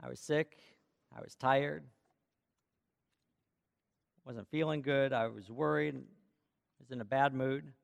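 Gravelly pastor in an echoing hall. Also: male voice, medium pitch, steady tone, takes it slowly, long pauses. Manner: storytelling, reads aloud with rhythm. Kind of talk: sermon with scripture reading. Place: church. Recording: long reverb of a large hall.

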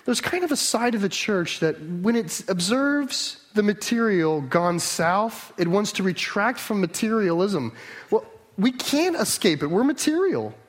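High-voiced man preaching a sermon. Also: big pitch swings, measured pace. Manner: earnest, emphatic, with restarts and rhetorical questions.

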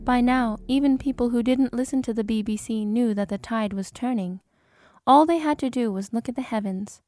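A woman giving measured, dramatic audiobook narration. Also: on the high side, dark tone, no echo, faint music behind. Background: orchestral film score.

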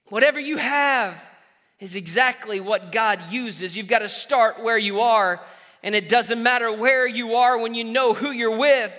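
High, bright-voiced preaching man. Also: measured pace. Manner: exhorting, call-and-response, acts out quoted voices. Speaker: pastor. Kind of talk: sermon. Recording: reverberant hall.

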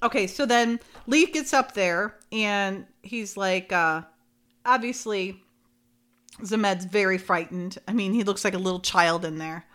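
A woman with a medium-pitched, slightly slow and somewhat bright voice co-hosts a podcast. In a casual chat recapping a show, she retells scenes and laughs often.

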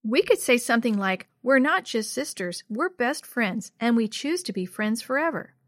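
A woman voicing a kind, thoughtful older sister in a storybook, explaining things gently and patiently. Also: on the high side, animated, normal speed, dry recording, clean studio sound.

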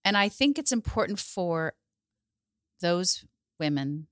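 A woman psychologist, a guest on a podcast, giving advice in a warm, encouraging and measured way. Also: fairly low pitch, animated, clear, resonant tone, no echo, clean studio sound. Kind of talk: advice in conversation.

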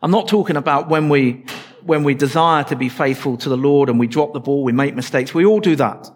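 A man's voice: fairly high pitch, fairly quick. A man preaching a sermon in a church, explaining scripture in a conversational way with light asides to the congregation.

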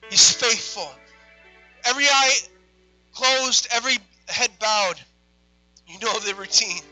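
High bright-voiced male preacher. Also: takes it slowly, pauses often, soft background music, poor audio. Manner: quiet storytelling rising to loud impassioned preaching. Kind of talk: sermon.

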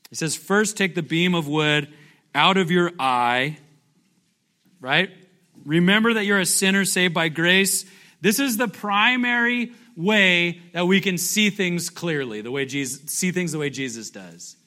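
A man's voice: sits high, a little slow, bright, forceful tone. A pastor preaching a conversational sermon, often asking his congregation questions and acting out scripture in a playful, joking way. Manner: jokey, playfully acts out scripture.

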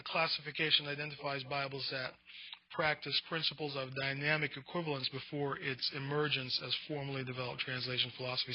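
Male Bible teacher, fairly high voice, casual lecture style with restarts, dry muffled recording. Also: dry recording. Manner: conversational, restarts words, reads definitions off slides. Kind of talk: classroom lecture.

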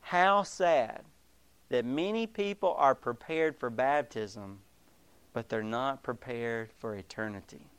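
A man preaching a sermon as pastor, emphatic and animated, acting out the voices of the people he quotes. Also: medium pitch, slow pace, clean tone, dry recording.

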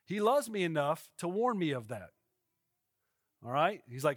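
A man's voice: on the high side, big pitch swings, moderate pace, no room sound, clean studio sound. A male pastor gives a casual, conversational sermon and often checks in with his listeners.

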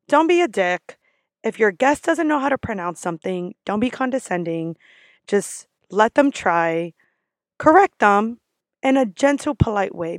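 A woman's voice: fairly high pitch, dry recording, clean studio sound. A woman who works as a restaurant server, ranting in a casual vlog, blunt and sassy with lots of swearing.

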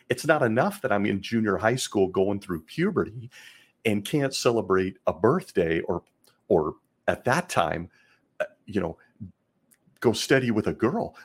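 A man's voice: fairly low pitch, lively intonation, measured pace, breathy edge. A middle-aged man hosting a podcast, giving sarcastic commentary and laughing often. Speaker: podcast host.

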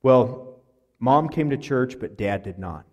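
A male pastor preaching from the pulpit, mid-pitched and conversational. He tells a story earnestly and often restarts his sentences, with plenty of fillers along the way. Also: lively intonation, takes it slowly. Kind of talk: sermon with storytelling.

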